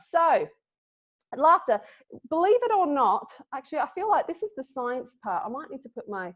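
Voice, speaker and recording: A woman's voice: mid-range voice, fairly bright tone. A woman from Scotland giving a playful, casual online talk as a clown presenter, full of dad jokes. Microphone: video call. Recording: lo-fi video call audio.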